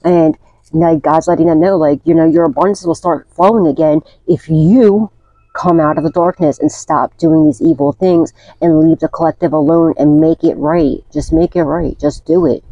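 Mellow-voiced woman giving a blunt tarot reading. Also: deep voice, steady tone, moderate pace, dry recording, muffled recording. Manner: chatty, blunt, swears, keeps checking in with "okay?". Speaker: tarot reader. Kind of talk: casual spiritual reading.

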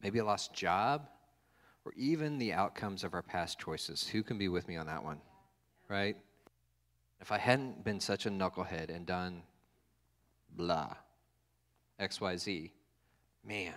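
Male pastor, lower voice, chatty sermon delivery with plenty of fillers. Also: measured pace, pauses often, a bit bright, in a large hall. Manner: casual, joking, fond of fillers and restarts. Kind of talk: conversational sermon.

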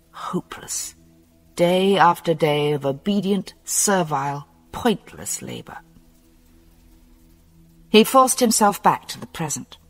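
Slow, expressive audiobook narrator. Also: mid-range voice. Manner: slow, measured and expressive reading. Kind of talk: scripted novel narration. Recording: long hall reverb with soft music. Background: soft music.

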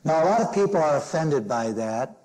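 A man in his sixties, a minister from Chicago, preaching a sermon slowly and deliberately, leaning hard on key phrases. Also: fairly high pitch, lively intonation, darkish tone, poor audio. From Chicago, Illinois. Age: 60s. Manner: slow, deliberate preaching with emphatic stressed phrases.

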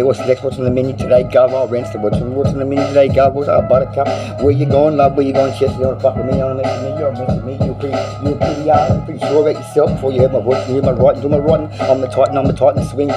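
Man, freestyle rap, repeats lines, profane, rambling, middle pitch. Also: poor audio. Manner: repetitive, profane, rambling rhymes. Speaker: freestyle rapper. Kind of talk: freestyle rap over a beat. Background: loud beat playing.

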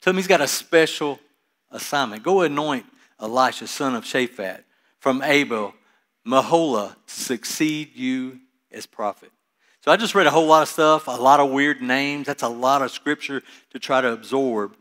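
Preacher with casual asides. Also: male voice, mid-range voice, normal speed. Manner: reads Scripture aloud and explains it with casual asides; swings between loud emphasis and quiet, trailing lines. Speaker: pastor. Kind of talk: sermon.

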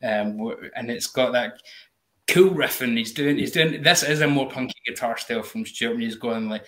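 Man, mid-pitched voice, album review panelist, eager, lots of ums, casual chat. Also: normal speed, fairly bright tone, slight background noise. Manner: enthusiastic, many "um" fillers; hums and sings snatches of riffs.

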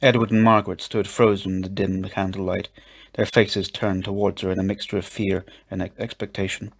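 A man reading a children's story aloud, in a gentle, measured storybook narration. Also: deep voice, flat delivery. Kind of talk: scripted narration.

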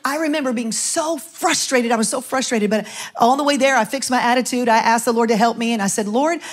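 Animated woman pastor telling a story. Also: fairly high pitch, fairly quick. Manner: animated storytelling, acting out quoted voices. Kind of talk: sermon testimony. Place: church stage.

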